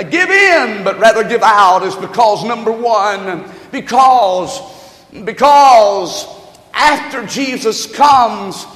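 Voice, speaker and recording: A man preaching a sermon as pastor, reading scripture and calling on the congregation, with slowed, shouted emphasis on key words. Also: extremely high pitch. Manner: calls to the congregation for amens and note-taking. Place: church sanctuary. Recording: echoey hall, long reverb.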